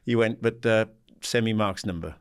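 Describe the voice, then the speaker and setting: A man in his sixties from England, a guest in an interview, telling animated stories and acting out the dialogue. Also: on the low side, moderate pace, clean tone. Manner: animated anecdotes, acts out quoted dialogue, laughs often; swears casually, says "mate". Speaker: guest, former footballer and assistant manager. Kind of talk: casual storytelling interview.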